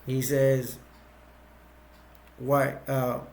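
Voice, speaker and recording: A man's voice: mid-range voice, completely flat delivery, drawn-out words. A man casually retelling a movie's plot in a rambling way, full of fillers and restarts. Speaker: movie reviewer.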